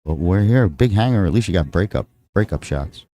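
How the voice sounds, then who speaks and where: A deep-voiced man with a Texan accent commentates live pool, his tone dark and relaxed. He rambles casually and teases his partner between shots. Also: a little fast. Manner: rambling, joking with his co-host.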